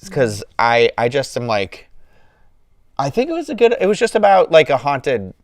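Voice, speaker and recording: A man's voice: medium pitch, sing-song, moderate pace, no room sound, clean studio sound. Rambling man in his thirties, casual chat. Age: 30s. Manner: rambling, full of fillers and quoted asides. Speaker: channel host.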